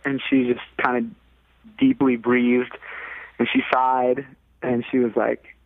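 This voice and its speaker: Male podcast guest from California, loose storyteller who acts out quotes, average pitch, dry tinny line. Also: little pitch movement, takes it slowly, long pauses, dry recording. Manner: rambling, many fillers, acts out quoted people in a raised voice. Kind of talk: casual storytelling.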